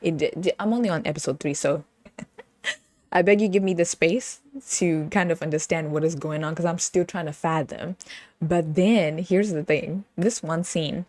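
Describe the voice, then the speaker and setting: A woman's voice: fairly low pitch, normal speed, a little mellow, no room sound. A woman with a British accent hosting a podcast, chatting casually and playfully, laughing often and breaking into sing-song bits. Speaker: podcast host. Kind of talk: casual chat.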